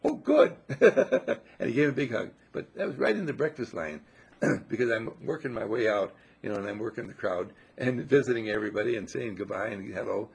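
A man's voice: fairly low pitch, brisk, creaky, breathy edge. An older man giving an effusive, affectionate inspirational talk to a gathering, his voice swooping up on emphasis. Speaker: spiritual speaker.

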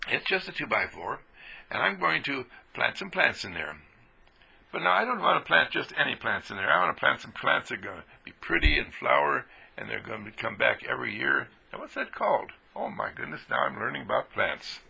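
Gravelly, animated man giving a motivational talk. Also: mid-range voice, a little fast. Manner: exuberant, swings from hushed to loud, laughs often.

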